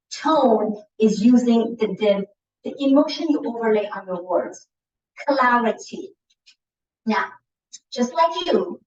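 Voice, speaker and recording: A woman's voice: fairly high pitch, slight background noise. A middle-aged woman giving a seminar to a class as a communication coach, demonstrating points by shifting her tone and pace. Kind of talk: lively presentation to a class. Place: lecture room. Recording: roomy, distant, dull lecture-hall recording.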